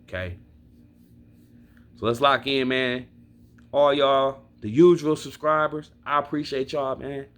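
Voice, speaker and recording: A man's voice: mid-range voice, fairly even intonation, unhurried, pauses often, fairly bright tone. A man from Milwaukee venting about his football team, blunt and profane, speaking straight to his viewers. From Milwaukee, Wisconsin. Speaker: sports fan vlogger. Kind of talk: casual fan rant to camera.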